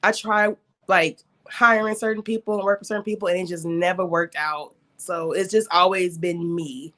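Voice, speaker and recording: A woman's voice: fairly low pitch, fairly even intonation, moderate pace, sharp tone. Chatty woman studio owner. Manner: chatty, frequent fillers, laughs easily. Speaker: beauty studio owner, guest. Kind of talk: casual interview talk.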